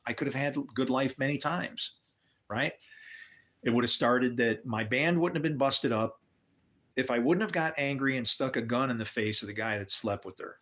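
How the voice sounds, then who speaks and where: A man's voice: medium pitch, pushed and bright. An older man telling candid personal stories on a livestream, swearing and adding religious asides. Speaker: livestream host. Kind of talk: rambling personal storytelling.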